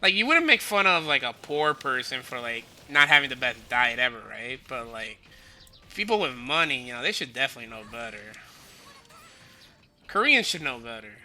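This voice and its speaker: A man's voice: medium pitch, big pitch swings, moderate pace, sharp tone, soft background music. A man with a Southern US accent, chatting loosely on a livestream and padding his talk with "like". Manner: loose, rambling, peppered with "like". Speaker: streamer. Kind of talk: casual chat.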